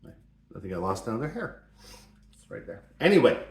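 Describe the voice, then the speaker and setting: A man's voice: medium pitch, sing-song, moderate pace. Playful mock-serious man in an echoey room. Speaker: host. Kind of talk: joking advice talk. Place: home shop or garage. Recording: roomy echo.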